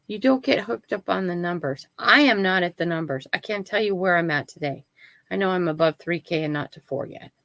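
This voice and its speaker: A woman's voice: on the low side, animated, brisk, creaky, a bit bright, no echo, poor audio. An older woman hosting her own live stream, chatting casually to viewers and often checking in with "right?" and "okay?". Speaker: channel host.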